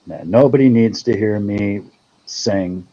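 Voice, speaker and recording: A man's voice: lowish voice, slow, dark tone, muffled recording. A man from Minnesota chatting casually as host, modest and self-deprecating, with a rambling way of talking. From Minnesota, USA. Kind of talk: casual chat.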